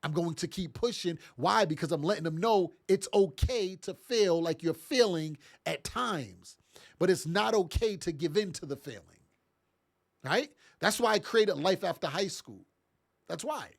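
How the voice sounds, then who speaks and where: A man's voice: high-pitched, lively intonation, a little slow, vocal fry. A middle-aged man, congested from sinus trouble, giving a motivational talk as a parenting podcast host in a casual, emphatic, repetitive way. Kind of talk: motivational monologue.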